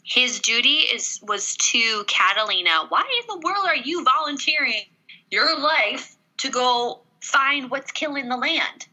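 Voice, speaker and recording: Sarcastic woman with a very bright voice. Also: high-pitched, animated, unhurried, low-quality recording. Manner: critical, sarcastic, acts out characters. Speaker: book podcast co-host. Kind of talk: casual book review chat.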